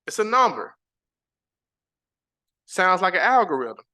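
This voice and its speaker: A man with a bright, somewhat high voice teaches a live-stream lesson. He reads his slides aloud, chats casually with viewers and repeats the important points with emphasis. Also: sing-song, unhurried. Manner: casual, chatty asides to the audience. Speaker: credit repair educator.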